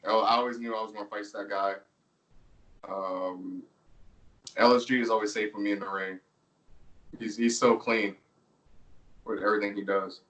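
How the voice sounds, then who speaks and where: A man being interviewed as a pro wrestler, telling stories in a relaxed way with frequent laughs and fillers. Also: on the low side, normal speed, long pauses, distant mic, lo-fi sound. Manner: laid-back storytelling, laughs often, filler words. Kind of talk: casual interview chat.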